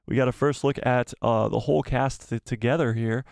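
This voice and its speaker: Chatty young man with a gravelly edge. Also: mid-range voice, fairly even intonation, brisk, a little mellow, dry recording, clean studio sound. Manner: chatty, laughs often, thanks donors. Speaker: live-stream host. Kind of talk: casual live-stream chat.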